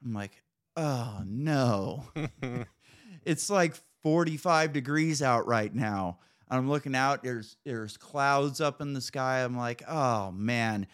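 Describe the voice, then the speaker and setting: A man's voice: mid-range voice, slow pace, a bit bright, clear, resonant tone. Profane, easygoing male podcast host. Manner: loose, profane storytelling with laughs. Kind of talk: casual podcast chat.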